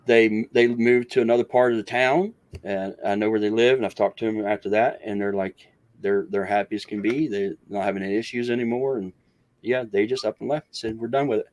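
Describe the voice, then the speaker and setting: A man with a lowish voice tells a long story as an interview guest. He rambles, restarts his sentences and slips into the voices of the people he quotes. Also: steady tone, brisk, darkish tone. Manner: rambling, restarts, acts out others' words. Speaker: guest researcher.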